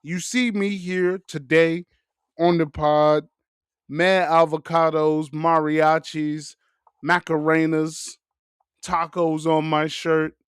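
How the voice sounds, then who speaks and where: A man's voice: on the high side, little pitch movement, slow pace, clear, resonant tone, no room sound, clean studio sound. A man hosting a podcast, riffing in loose, profane, joking casual chat. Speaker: podcast host.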